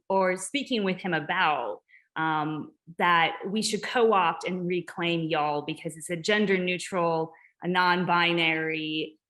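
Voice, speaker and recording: Low-voiced woman answering questions. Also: a bit bright. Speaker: visiting artist giving a talk. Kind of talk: casual Q&A after a talk. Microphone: online video call.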